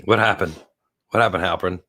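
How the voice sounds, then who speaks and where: Fifty-something male host, lowish voice, chatting loosely on a porch, stoned and drifting. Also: steady tone, sharp tone. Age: 50s. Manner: rambling, giggly, stoned and slowing down. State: very high on cannabis. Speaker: livestream host. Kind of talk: casual live-stream chat. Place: outdoor porch.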